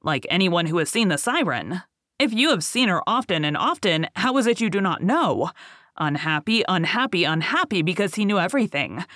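A weary older boatman, bitter and grave, recounting his tale in a steady, even storytelling voice, as an audiobook reader puts him on. The voice sits at a middling pitch. It is recorded dry and close, with no room around it. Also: normal speed, dry recording. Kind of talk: audiobook reading.

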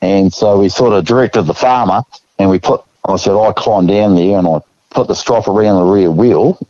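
A man with an Australian accent telling a story in a relaxed, casual way, acting out what people said, with the odd chuckle. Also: lowish voice, normal speed, no room sound, lo-fi sound. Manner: laid-back yarn-spinner, acts out quotes with chuckles. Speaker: guest.

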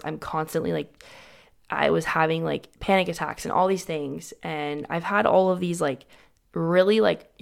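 A young adult woman tells her story candidly as a guest. Her voice sits low and has a gravelly fry. She talks in a loose, casual way, full of "like" and restarted sentences. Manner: casual, heavy use of "like", frequent restarts.

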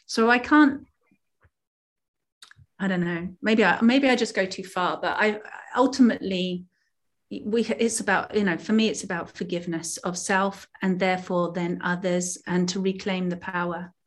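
A woman's voice: on the low side, fairly even intonation, moderate pace. A woman spiritual healer talking earnestly in a casual podcast conversation, rambling with many restarts.

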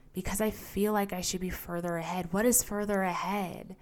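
Gentle encouraging woman life coach. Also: on the low side, fairly even intonation, normal speed. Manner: gentle, encouraging, asks the listener many questions. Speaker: life coach and podcast host. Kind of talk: solo podcast coaching talk.

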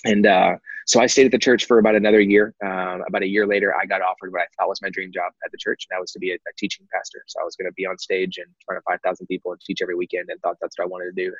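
Fast-talking deep-voiced man, husky. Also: flat delivery, no echo, highs cut off. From Texas. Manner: candid, rambling with many fillers. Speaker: guest. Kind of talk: personal story in conversation.

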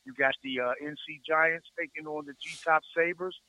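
Man, hyping events, flat monotone, slightly higher pitch, dull sound. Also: normal speed, dry recording. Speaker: guest promoter. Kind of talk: casual promotion.

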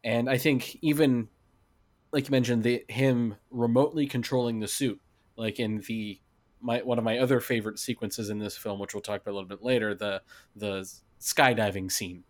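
A man talking films with friends in a relaxed podcast chat. His voice sits at an ordinary middle pitch. He talks eagerly, often restarting his sentences as he builds his argument. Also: normal speed. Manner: enthusiastic, restarts often, quotes lines. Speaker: podcast co-host. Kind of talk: casual film discussion.

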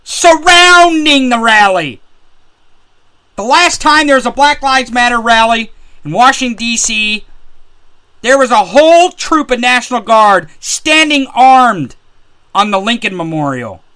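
High-voiced angry ranting man. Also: animated, slow, sharp tone, smooth. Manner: profane, heated and sarcastic. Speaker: political commentator. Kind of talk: angry political rant.

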